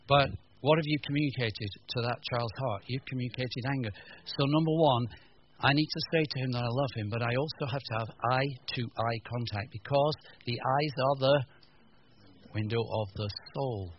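Animated, joking man preaching. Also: mid-range voice, normal speed, lo-fi sound, slight background noise. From north of England. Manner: animated, jokey, acts out voices, stammering restarts. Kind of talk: humorous teaching talk to a live audience.

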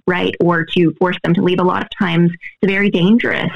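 Brief: earnest expert woman, gravelly edge, dull lo-fi sound. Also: medium pitch, fairly quick, few pauses. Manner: earnest, explanatory, often adds "right?". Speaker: guest expert. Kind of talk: interview answers.

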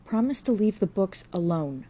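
Woman reading earnest young bookish man, indignant, raised voice, warm tone. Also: mid-range voice, expressive, normal speed, voice pushed up, close to an everyday voice. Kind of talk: audiobook character reading.

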